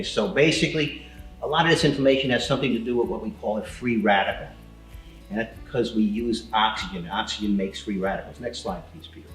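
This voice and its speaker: A man presents a seminar from slides in a loose, conversational way, stopping to quiz the audience. His voice sits at a middle pitch and rings out in an echoey hall. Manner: casual, chatty, quizzes the audience. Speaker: seminar speaker. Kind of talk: live seminar talk with slides.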